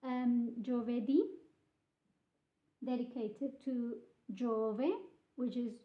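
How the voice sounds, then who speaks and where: A woman teaching a beginner language lesson, slowly modelling pronunciation and repeating words for practice. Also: fairly high pitch, fairly even intonation. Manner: slow, carefully modelled pronunciation with drilled repetition. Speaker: Italian teacher. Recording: echoey, slightly dull room sound.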